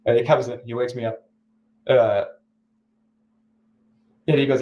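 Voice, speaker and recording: A man's voice: moderate pace, pauses often, dull audio. A young man telling a rambling personal story as an interview guest, acting out other people's lines. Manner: rambling, animated, acts out quotes in a higher voice. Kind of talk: candid storytelling.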